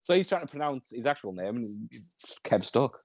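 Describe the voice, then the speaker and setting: A man's voice: mid-range voice, big pitch swings, moderate pace, dry recording, studio quality. A man joining a casual podcast chat with joking banter. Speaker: podcast guest.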